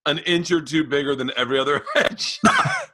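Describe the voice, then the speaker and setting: A man, a comedian co-hosting a podcast, telling an animated story and laughing through his own punchlines. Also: a little high, normal speed, dry recording.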